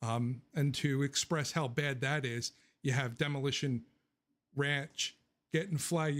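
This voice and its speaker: A man hosting a casual livestream Q&A, rambling and joking, blunt with his opinions and laughing often. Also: fairly high pitch. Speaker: livestream host answering viewer questions.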